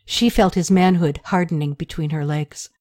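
A woman narrating an audiobook in a steady, even reading manner. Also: lowish voice, normal speed, no echo, studio quality.

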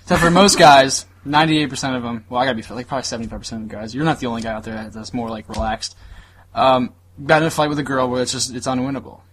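A young man hosting a podcast in crude casual chat, loud, laughing and rambling with lots of profanity. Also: mid-range voice, fairly even intonation, racing, a little hiss or hum. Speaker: podcast host.

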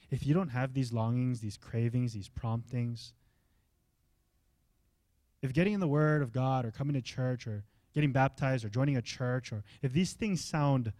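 A man preaching a sermon as pastor, in a conversational style that swings between hushed and excited. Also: mid-range voice, no room sound. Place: church.

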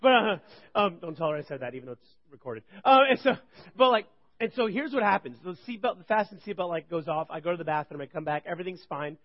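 A man in his thirties preaching to a church group, telling funny stories in an animated, rambling way. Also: sits high, fast. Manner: animated, joking, rambling with restarts. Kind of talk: humorous sermon storytelling. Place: church service. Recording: dull lo-fi recording.

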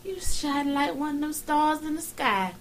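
A woman co-hosting a casual chat show, joking around with loud laughs and playful bits. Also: high voice, measured pace, noisy background. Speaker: co-host. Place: studio.

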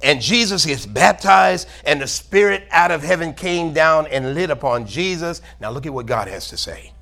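A man's voice: a little high, expressive, normal speed, creaky, sharp tone. A male pastor preaching a sermon in church, reading scripture aloud and asking for amens. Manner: preaching, calls for amen, reads scripture aloud.

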